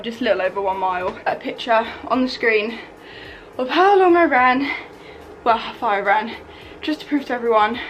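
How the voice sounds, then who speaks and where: A woman's voice: on the high side, slight background noise, rough recording. A young woman, chatting casually to camera in a vlog and using plenty of fillers. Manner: chatty, filler-heavy, lots of "literally" and "like". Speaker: vlogger.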